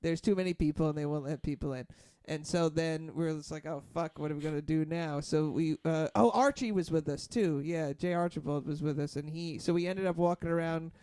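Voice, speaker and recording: A man's voice: a little high, fairly quick, mellow, clear, resonant tone, dry recording. A man hosting a podcast, telling a long rambling story in casual chat, heavy on fillers and swearing, acting out what others said. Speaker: podcast host.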